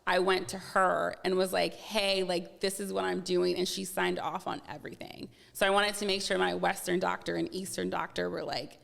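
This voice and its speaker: A woman's voice: on the low side, moderate pace, gravelly, hardly any pauses, big-room sound. A woman guest on a podcast, chatting candidly and acting out what others said to her, with lots of "like" fillers. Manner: animated, acts out quoted dialogue, many "like" fillers. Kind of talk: casual candid chat.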